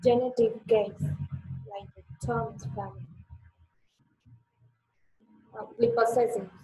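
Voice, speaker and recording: A woman's voice: a little high, fairly even intonation, slow, mellow, low-quality recording. A woman student with an Argentine Spanish accent, a native Spanish speaker, asking her teacher hesitant questions in English during an online class.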